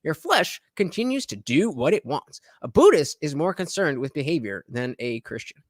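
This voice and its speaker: This livestream host from New Jersey has a fairly high voice and speaks at a moderate pace, captured in a dry, studio-quality recording. Animated and rambling, he reads chat comments and leans heavily on fillers.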